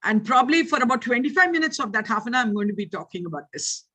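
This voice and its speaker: An older woman with an Indian English accent, giving an online lecture and answering questions in an animated, teacherly way that keeps checking in with her listeners. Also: on the high side, quick pace. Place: online video meeting. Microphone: video call.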